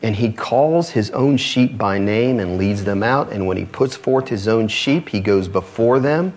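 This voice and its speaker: A man preaching a sermon, reading scripture aloud in a lower, slower voice and lifting his pitch to drive points home. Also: a little mellow. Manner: reads scripture low and slow, then rises to press points.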